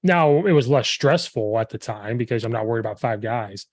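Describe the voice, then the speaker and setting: A man hosting a podcast as a football coach, telling stories with lively acted-out quotes. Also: medium pitch, a little fast, dry recording. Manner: animated storytelling, acting out quoted players and himself. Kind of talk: casual chat.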